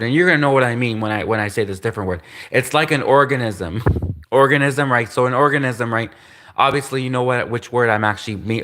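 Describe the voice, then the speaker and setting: A man's voice: mid-range voice, fairly bright tone. A man from Canada rambling through a casual solo livestream monologue, repeating himself and giggling between asides. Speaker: livestream host.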